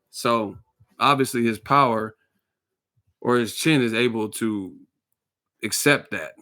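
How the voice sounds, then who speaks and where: A man's voice: medium pitch, slow pace, pauses often, sharp tone. Profane joking man ranting about boxing. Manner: joking, profane, acts out quotes with laughs. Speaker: boxing commentary channel host. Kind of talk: casual opinion rant.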